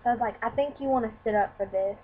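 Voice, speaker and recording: A woman's voice: fairly high pitch, quick pace. Young woman on tinny lo-fi audio. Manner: candid, rambling, acts out quoted dialogue. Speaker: vlogger. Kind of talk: personal storytelling to camera. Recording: tinny lo-fi sound with faint hiss.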